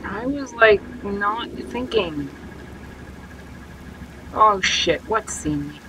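A woman's voice: mid-range voice, lively intonation, drawn-out words, background noise. A woman streaming a game live and chatting to her viewers, self-mocking and full of exclamations. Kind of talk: live gameplay commentary.

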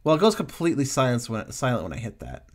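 A man's voice: mid-range voice, big pitch swings, quick pace. A man streaming a game, chatting casually, joking and swearing freely, often trailing off into mumbles. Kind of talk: casual let's-play chat.

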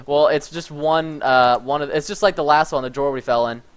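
A man's voice: a little high, a little fast, smooth. A young man hosting a casual let's-play, goofy and giggly, breaking into silly sing-song bits. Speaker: gaming channel host.

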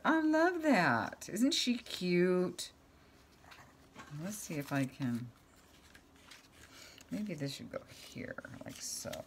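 Low-voiced chatty woman crafting. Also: a little mellow, a little hiss or hum. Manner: rambling, chatty, talks to her cat. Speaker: craft vlogger. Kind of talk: casual crafting chat.

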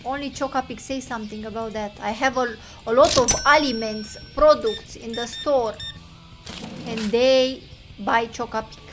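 High-pitched excitable woman gamer. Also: moderate pace, music in the background. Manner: excitable, talks to chat, exclaims loudly and mutters numbers. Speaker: game streamer. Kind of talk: casual gameplay commentary.

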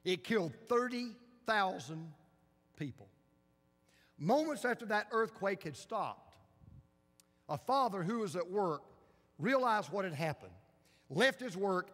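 Pastor man preaching, storytelling big and dramatic, lots of church echo, slightly high voice. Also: expressive, measured pace, fairly bright tone. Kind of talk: sermon. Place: church sanctuary. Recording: long church reverb.

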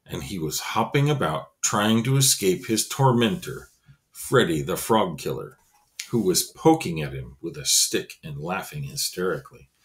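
A man's voice: sits low, animated, normal speed. A man reading a children's novel aloud expressively, adding casual asides. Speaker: reader.

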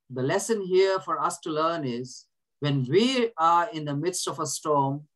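A man's voice: a little high, a bit bright, low-quality recording. A man leading a group, reading scripture and teaching in an earnest way, often restarting his words. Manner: asks listeners to repeat verses. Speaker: prayer group leader.

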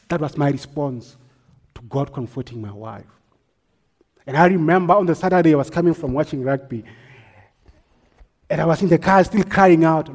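A married man preaching a sermon as pastor, telling stories and swinging between hushed lines and forceful ones. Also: mid-range voice, moderate pace, breathy edge. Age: adult, married.

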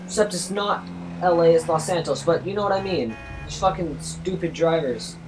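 A man commentating over his gameplay as a taxi driver, swearing constantly and swinging between furious yelling and low muttering. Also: moderate pace, background noise. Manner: profane, swings from rage-filled yelling to muttering. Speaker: gamer playing a taxi driver. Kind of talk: let's-play commentary.

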